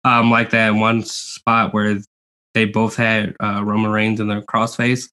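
Bright-voiced, animated man. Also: lowish voice, unhurried. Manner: animated, acts out quotes in raised voice. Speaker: podcast co-host. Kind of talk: casual podcast review chat.

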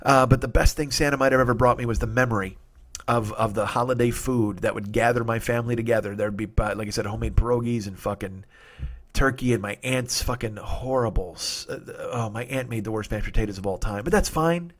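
A man in his forties hosting a comedy podcast, telling a rambling story, profane and excitable, often cutting himself off. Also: mid-range voice, fairly quick. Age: 40s. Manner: profane, excitable, self-interrupting.

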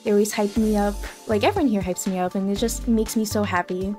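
A woman's voice: mid-range voice, steady tone, fast, warm tone, faint music behind. A young adult woman streaming casually, bubbly and gushing, with lots of "like" in her talk. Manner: bubbly, gushing, heavy use of filler "like". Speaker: VTuber streamer. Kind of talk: casual live-stream chat.

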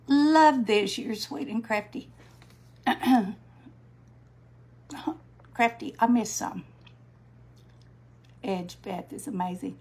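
An older woman, chatting slowly on a craft livestream, greeting viewers by name while she paints. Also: medium pitch, expressive, a little mellow, breathy edge. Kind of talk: casual live-stream chat while painting.

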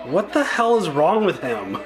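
A man's voice: high-pitched, very animated, measured pace, over music. A man co-hosting a reaction video, talking in a laid-back, slangy way. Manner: laid-back, slangy, says dude a lot. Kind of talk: casual reaction commentary.

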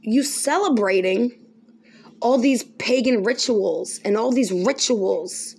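A woman's voice: on the high side, slow, creaky, darkish tone, slightly rough, full character voice. A woman voicing God as a stern male figure who probes with pointed questions. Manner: stern, probing.

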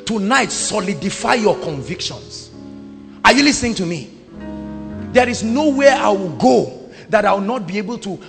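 A man with a Nigerian accent preaching a sermon, moving between quiet talk and loud shouted declarations. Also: sing-song, moderate pace, gravelly, big-room sound, faint music behind. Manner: booming, swings from quiet to shouting.

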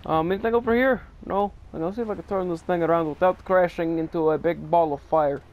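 A man's voice: fairly high pitch, fast, phone-quality sound. A man talking casually over gameplay, rambling with many restarts as a gaming channel host.

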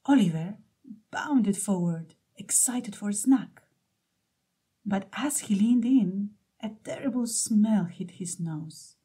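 A woman reading a children's picture book aloud in a gentle, expressive way. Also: medium pitch, slow pace, breathy edge. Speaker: storybook reader.

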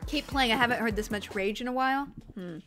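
A woman streaming a party game with a friend, chatting excitedly, laughing and cheering loudly. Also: on the high side, quick pace. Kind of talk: excited gaming chat. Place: home streaming setup. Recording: game music behind. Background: game music.

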